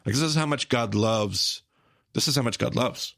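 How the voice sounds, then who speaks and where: A man hosting a podcast, explaining Bible stories with emphatic, repetitive phrasing that speeds up and slows down. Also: mid-range voice, vocal fry, a bit bright, no room sound, studio quality. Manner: emphatic, repetitive, with rapid bursts and slow stressed phrases. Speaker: podcast host teaching the Bible. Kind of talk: animated teaching conversation.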